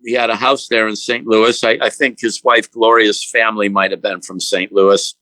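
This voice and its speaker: A man telling a story as a guitarist guest, animated and rambling as he retells old conversations. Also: on the low side, moderate pace, dry recording, low-quality recording. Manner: loose and rambling, with fillers and restarts.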